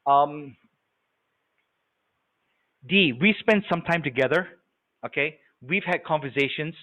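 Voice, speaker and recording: A man leading a live sales training webinar, animated and coaching, often checking that his audience follows. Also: a little high, takes it slowly. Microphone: video call. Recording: tinny phone-like webinar audio.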